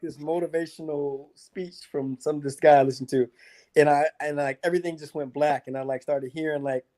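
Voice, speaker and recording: A man, a mixed martial arts fighter, telling his fight stories in a casual interview, animated and profane, with lots of filler words. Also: on the high side. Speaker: MMA fighter guest.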